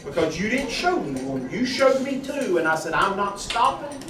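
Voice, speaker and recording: Delivering his testimony at a moderate pace, a husband with a high voice speaks to a church congregation, animatedly acting out the dialogue he quotes. The sound is echoey and distant, with a crowd in the room.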